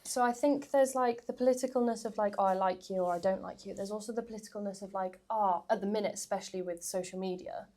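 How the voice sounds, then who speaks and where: A woman in her twenties, a weightlifter guest, telling stories in a chatty, animated way on a podcast. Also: medium pitch, fast, few pauses. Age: 20s. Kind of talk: casual podcast chat.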